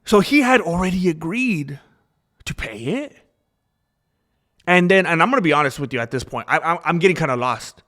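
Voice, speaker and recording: A man hosting a casual opinion commentary, talking in an animated, repetitive way and acting out the voices of people he quotes. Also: on the high side, moderate pace, pauses often. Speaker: commentary channel host.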